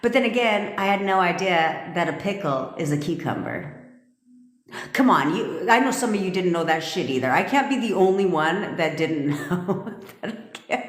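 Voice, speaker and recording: Low-voiced woman coach chatting on a live stream, swears a lot, laughs often, echoey room with long reverb. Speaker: manifestation coach. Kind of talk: casual live-stream chat.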